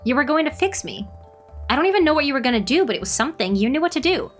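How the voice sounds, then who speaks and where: A woman's voice: high voice, very animated, racing, faint music behind. A woman voicing a desperate young woman warrior who pleads emotionally about losing her strength. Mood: pleading.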